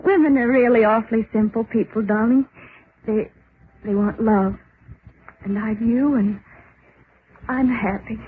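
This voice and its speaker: An actress playing a giddy, tender young bride with a breathless, emotional delivery, in 1930s radio acting style. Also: female voice, a little high, steady tone, a little slow, long pauses, a little hiss or hum, close to an everyday voice. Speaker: young newlywed wife. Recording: tinny old radio recording with music.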